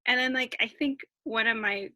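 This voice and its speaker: A woman's voice: on the high side, moderate pace, bright, forceful tone, no echo, poor audio. A woman co-hosting a podcast, chatting casually and eagerly with lots of fillers. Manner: enthusiastic, many fillers. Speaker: podcast co-host. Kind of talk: casual chat.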